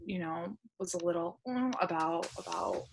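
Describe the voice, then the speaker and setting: A woman, a podcast guest, chatting casually and telling stories with quick laughs and acted-out dialogue. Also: on the low side, vocal fry, a little hiss or hum. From United States. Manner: lively storytelling, quick laughs, acts out dialogue. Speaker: podcast guest, language content creator. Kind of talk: casual interview chat.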